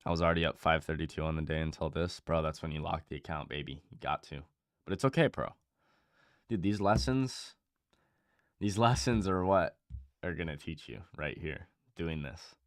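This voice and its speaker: A young man hosting a live trading stream, talking casually and bluntly with lots of swearing and repetition, rising in pitch and volume when fired up. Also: normal speed, no echo, studio quality. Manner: blunt, profane, repeats himself, gets louder and higher when fired up. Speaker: livestream trading host.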